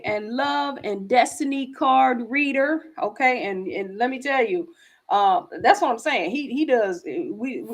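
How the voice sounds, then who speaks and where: Chatty, laughing woman hosting a livestream. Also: a little high. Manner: chatty, laughs often, self-teasing. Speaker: host.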